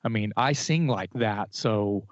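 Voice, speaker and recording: A man co-hosting a podcast, talking about music in casual chat with strong opinions and lively restarts. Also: lowish voice, unhurried, no echo. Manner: opinionated, animated, with restarts and fillers. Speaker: podcast co-host. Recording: dry, slightly dull podcast audio.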